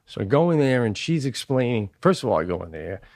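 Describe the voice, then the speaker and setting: A man's voice: medium pitch, fast talker, no room sound, clean studio sound. A man co-hosting a podcast, telling a story in casual comedic style, swearing freely and acting out the people he quotes. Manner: animated, swears freely, acts out quoted voices. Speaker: podcast co-host.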